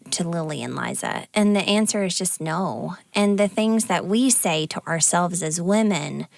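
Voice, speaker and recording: A woman's voice: lowish voice, gravelly, no echo. A woman co-hosting a podcast, telling personal stories in a casual, chatty way with many fillers. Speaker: podcast co-host. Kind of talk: casual conversation.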